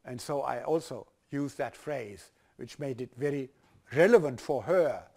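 A man's voice: medium pitch, unhurried, creaky, darkish tone. An older man with a German accent giving a university lecture, hesitant, with many restarts and fillers.

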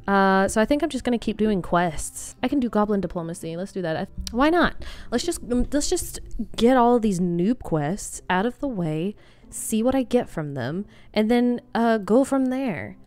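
A woman's voice: mid-range voice, animated, moderate pace, a little mellow, dry recording. A woman hosting a gaming video, talking through her play in a chatty, self-mocking way. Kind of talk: casual gameplay commentary.

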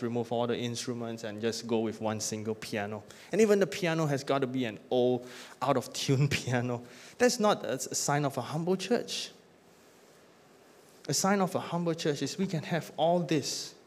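Pastor preaching in a reverberant church hall. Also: male voice, mid-range voice. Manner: emphatic preaching, rising loud on lists, dropping to a hush at the close of a point. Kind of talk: sermon.

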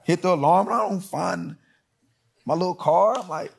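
A middle-aged man preaching a sermon, telling stories and acting out quoted voices, swinging between loud and hushed. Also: sits high, normal speed, vocal fry. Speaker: pastor.

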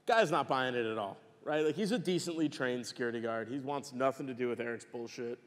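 A man giving a conference talk as casual, profane storytelling, animated and swearing freely. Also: mid-range voice, brisk, hardly any pauses. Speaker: conference speaker. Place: large conference hall. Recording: long hall reverb.

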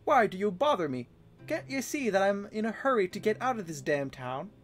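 A man's voice: sits high, very animated, a little fast, soft background music, voice pushed up. A man doing a surly teenage-sounding thug. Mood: snarling. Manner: snarling, impatient, threatening. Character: surly young male thug, hot-tempered. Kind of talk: reading game dialogue aloud.

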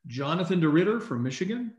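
A man co-hosting a live online recognition event, reading out names in an upbeat way and often clearing his throat, speaking over a video call. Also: high-pitched, sing-song, fast, darkish tone, dull audio. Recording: echoey room on a video call.

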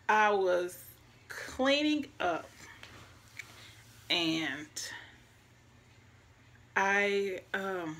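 A young woman shares a personal story on her vlog, her voice bright and clear. She speaks softly and reflectively, addressing her viewers directly in a casual way. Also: medium pitch. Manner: soft-spoken, reflective, talks straight to viewers. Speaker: vlogger.

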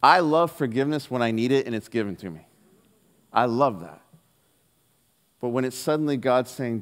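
A man preaching a sermon, telling a personal story in an earnest way and dropping his voice softly on the key lines. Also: medium pitch, a little fast, long pauses. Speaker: pastor. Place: church hall. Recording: long hall reverb.

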